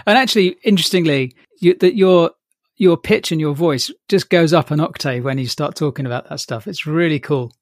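A man's voice: fairly high pitch, fairly quick, no room sound, studio quality. A man hosting a podcast interview, upbeat and effusive in his thanks. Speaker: podcast host.

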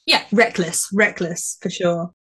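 Speaking at a measured pace in a fairly low, slightly rough voice, a woman co-hosts a podcast and reviews a TV episode. She chats casually and with animation, laughs easily, and often trails off and restarts her sentences.

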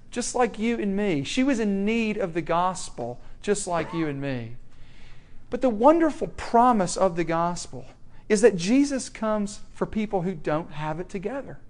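A young man preaching a sermon, swinging from loud, emphatic questions to soft, hushed warnings. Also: high-pitched.

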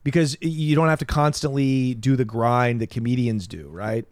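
A man's voice: mid-range voice, moderate pace, dry recording. Edgy rambling comedian guy on a podcast, mid voice, dry close studio sound. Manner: rambling, edgy, peppered with "you know what I mean". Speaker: comedian guest. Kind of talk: casual podcast chat.

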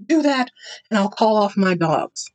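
A woman's voice: medium pitch, expressive, unhurried, dry recording, lightly acted. A woman voicing a smug, rich old oil tycoon man in a sneering, self-justifying way.

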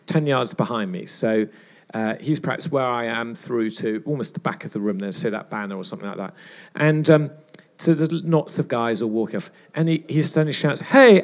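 A gravelly man preaching at a church retreat. He tells stories in an animated way and acts out other people's lines as he goes. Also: mid-range voice. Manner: animated storyteller acting out dialogue. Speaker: retreat speaker. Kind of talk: storytelling sermon.

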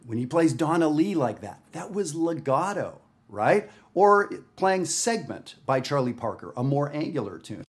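A man's voice: a little high, very animated, unhurried, hardly any pauses. A man from Canada giving a casual video lesson on jazz, talking in a conversational, emphatic way and often checking in with "right?". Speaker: jazz music teacher. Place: home studio with his dog.

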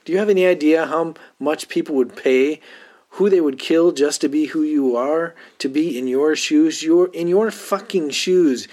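A man voicing an exasperated young male assistant who scolds his boss loudly. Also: a little high, moderate pace, pitched above the performer's own voice, lightly acted. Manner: shouting, scolding.

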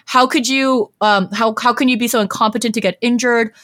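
A woman's voice: fairly high pitch, steady tone, a bit bright, pitched above the performer's own voice, natural voice. A woman voicing a harsh, berating middle-aged mother in a casual retelling. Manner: berating, rapid questions.

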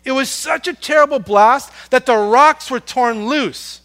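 A man preaching a sermon, earnest and storytelling, swinging from loud emphasis down to a hush on soft words. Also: very high voice, unhurried. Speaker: pastor.

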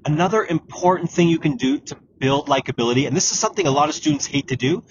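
A man hosts a solo podcast and coaches listeners in a direct way, repeating his key points. His voice sits a little high. The audio is dull and lo-fi, with steady noise underneath. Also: fast talker. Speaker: exam prep podcast host. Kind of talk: solo podcast advice talk.

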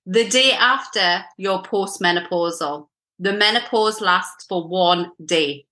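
A middle-aged woman guest on a podcast talks in a bright, tense voice. She is straight-talking and explains step by step, pausing to check with "okay?". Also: medium pitch. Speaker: menopause coach, guest. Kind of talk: podcast interview.

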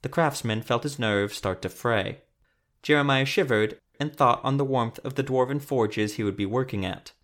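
A man narrating a fantasy story in a measured, steady reading voice. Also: mid-range voice.

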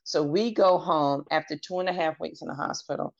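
A woman's voice: low voice, a little fast. A woman guest on a podcast, candidly telling her personal story and acting out what others said in her own voice. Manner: earnest, candid, retells dialogue in her own voice. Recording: dull lo-fi audio.

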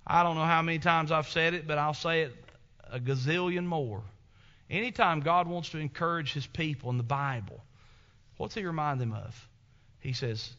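A man preaching a sermon as pastor, telling stories with emphatic swings between loud and soft. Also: a little high, normal speed, highs cut off. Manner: emphatic, storytelling preacher with big swings in loudness.

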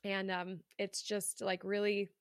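A woman's voice: mid-range voice, little pitch movement, measured pace, no echo, clean studio sound. A woman hosting a podcast, talking casually and candidly on her own, congested from allergies, with frequent fillers and casual swearing. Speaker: podcast host. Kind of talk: casual solo podcast monologue.

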